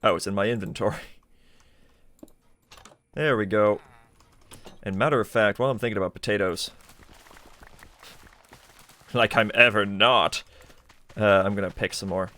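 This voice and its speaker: A man's voice: lowish voice, unhurried, pauses often, sharp tone. A man streaming a game live, thinking aloud in a chatty way with plenty of fillers. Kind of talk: casual live gameplay commentary.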